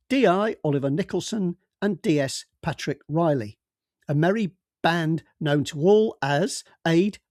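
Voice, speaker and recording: Man doing a bluff bossy middle-aged police chief, loud and hearty, raised higher voice, dry close sound, audiobook. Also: no room sound. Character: brusque, jovial middle-aged male police boss. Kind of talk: audiobook character voice.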